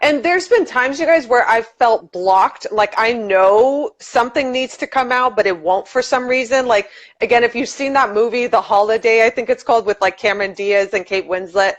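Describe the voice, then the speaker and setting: A woman guest on a casual livestream, giving earnest and frank advice. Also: mid-range voice. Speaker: guest reader.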